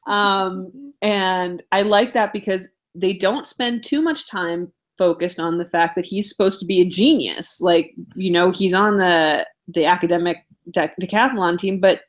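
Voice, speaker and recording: A woman's voice: fairly low pitch, unhurried, hardly any pauses. A woman co-hosting a podcast, chatting casually about a movie, teasing and swearing freely. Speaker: podcast co-host.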